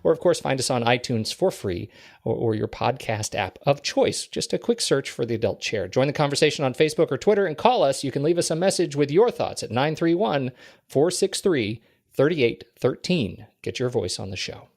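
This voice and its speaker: A man's voice: mid-range voice, animated, moderate pace, vocal fry, a little mellow. A man hosting a podcast, introducing the show and guest with upbeat, enthusiastic energy. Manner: upbeat, enthusiastic announcer delivery. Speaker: podcast host.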